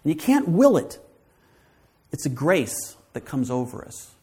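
A man giving a sermon as a guest speaker at a church, telling stories in an animated way, acting out quoted voices and often asking "right?". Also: fairly high pitch, a little slow.

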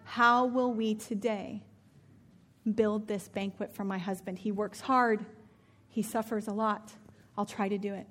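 A woman's voice: medium pitch, fairly even intonation, measured pace, a bit bright. A woman voicing a poor, practical wife who talks in a blunt, skeptical way. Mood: soft. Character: poor practical wife, doubtful but caring.

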